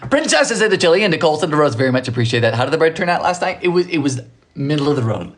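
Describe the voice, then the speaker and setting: A man's voice: a little high, sing-song, very fast. Chatty man hosting a live bake. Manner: chatty, reads out viewer comments, playful exclamations. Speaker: livestream baking host. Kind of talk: casual live baking stream chat.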